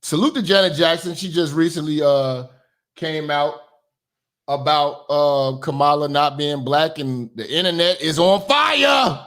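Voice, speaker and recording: A man hosting a reaction commentary channel, animated and mocking, swearing freely as he talks back to clips. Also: on the high side, unhurried.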